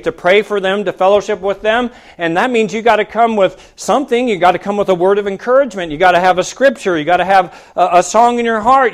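A man preaches to his congregation with a notably high voice, pressing them with question after question. He climbs to loud, emphatic peaks and then sinks to soft, low asides. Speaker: pastor. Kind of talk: sermon. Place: church.

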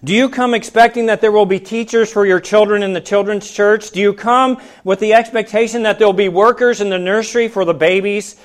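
A man preaches to his congregation with a notably high voice, pressing them with question after question. He climbs to loud, emphatic peaks and then sinks to soft, low asides. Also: fairly even intonation, a little fast, hardly any pauses. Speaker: pastor. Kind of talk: sermon. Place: church.

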